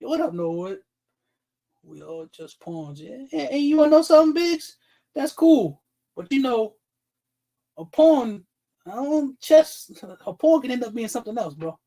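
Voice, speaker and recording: A man's voice: extremely high pitch, very animated, moderate pace, mellow, rough recording. A man hosting a livestream, ranting bluntly and heatedly with heavy profanity and calling out viewers in chat by name. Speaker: livestream host. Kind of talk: livestream commentary rant.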